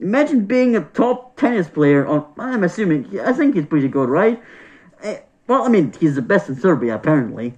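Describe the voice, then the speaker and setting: A man's voice: high-pitched, sing-song, normal speed, darkish tone. A man vlogging a casual opinion rant, exasperated and profane, repeating himself as he talks. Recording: dull lo-fi sound.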